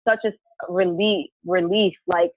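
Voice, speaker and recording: A woman's voice: on the low side, fairly even intonation, a little slow, no room sound. A woman guest on a podcast telling her own story in a chatty way, filling her talk with "like" and acting out what she said at the time. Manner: chatty, heavy use of "like", retells her own past words aloud. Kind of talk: casual personal storytelling. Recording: tinny phone-line sound, dry.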